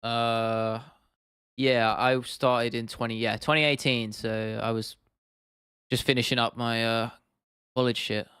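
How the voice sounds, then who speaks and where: A man's voice: medium pitch, level tone, a little slow, pauses often, fairly bright tone, clear, resonant tone, no echo, clean studio sound. A young British man in his twenties, live-streaming casually, rambling, swearing now and then and answering chat comments. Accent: British English. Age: 20s. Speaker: YouTube streamer.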